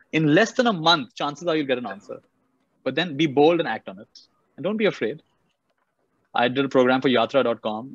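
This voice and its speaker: A man's voice: mid-range voice, dry recording, highs cut off. A man giving a motivational talk over a video call, repeating key phrases for emphasis. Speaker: motivational speaker.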